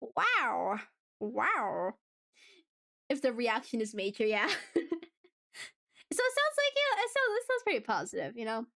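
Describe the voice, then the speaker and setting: A woman's voice: on the high side, wildly swooping pitch, normal speed, long pauses, fairly bright tone. A woman streaming live, chatting casually with her viewers in a rambling way, laughing often between thoughts. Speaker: VTuber streamer.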